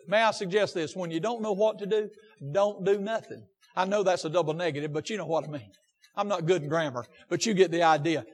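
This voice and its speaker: Man, high voice, folksy preacher, hushed to impassioned, church reverb. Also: brisk. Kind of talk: sermon. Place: church hall. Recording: long hall reverb.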